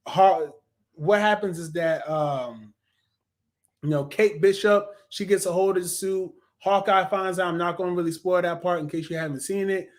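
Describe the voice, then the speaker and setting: Guy with a highish voice chatting loosely on a review podcast, lots of ums and restarts, laid-back. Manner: rambling, full of fillers and self-corrections; laid-back, addresses listeners as "y'all". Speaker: podcast co-host reviewing a TV series. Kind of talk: casual review chat.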